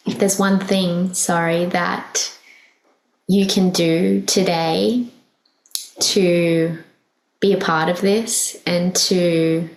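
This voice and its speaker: Slow, earnest woman in an echoey room. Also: mid-range voice. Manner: earnest and heartfelt, with many fillers and restarts; emotional, laughing softly at herself. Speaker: podcast host. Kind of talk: casual spiritual podcast monologue.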